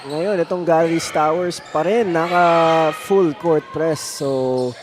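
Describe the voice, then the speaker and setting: A man's voice: fairly high pitch, fairly even intonation, a little slow, over music. A man with a Filipino accent giving live analysis of a basketball game, mixing English and Filipino. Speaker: color commentator. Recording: noisy arena broadcast.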